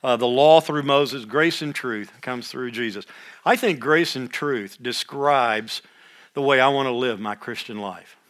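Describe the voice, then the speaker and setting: An older man teaching a Bible study like a sermon, reading scripture aloud more loudly and dropping into quiet asides, often clearing his throat. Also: medium pitch, a little slow.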